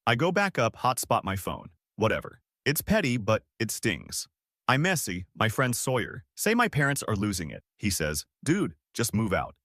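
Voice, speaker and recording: A man's voice: on the low side, huge pitch swings, normal speed, fairly bright tone, no room sound, studio quality. A man reading out a first-person story in a casual, matter-of-fact way. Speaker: story narrator.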